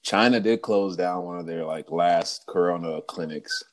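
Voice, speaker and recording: Deep-voiced man, casual podcast co-host, slangy and rambling, acts out quotes. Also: normal speed. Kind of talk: casual chat.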